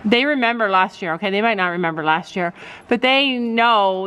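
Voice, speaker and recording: A middle-aged woman chatting casually in a family vlog, outdoors at a barn, talking to her dogs and horses. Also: fairly bright tone. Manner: chatty, talks to pets in a high playful voice. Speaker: vlogger, mother.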